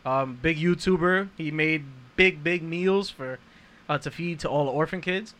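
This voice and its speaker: A man's voice: a little high, a little slow, a bit bright. A man in a casual chat with friends who laughs often and teases.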